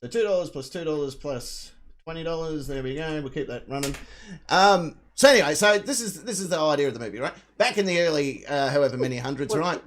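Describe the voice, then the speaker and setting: A man's voice: fairly high pitch, fairly quick. A man hosting a live show, rambling and swearing his way through a film recap and thanking donors. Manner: rambling, profane, retelling a film. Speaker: host. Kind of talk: casual live-stream chat.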